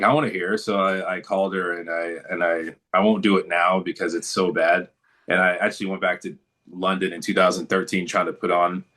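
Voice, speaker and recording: A man's voice: sits low, pushed and bright. A man talking as a guest in a casual interview, telling stories in a laid-back, good-humored way.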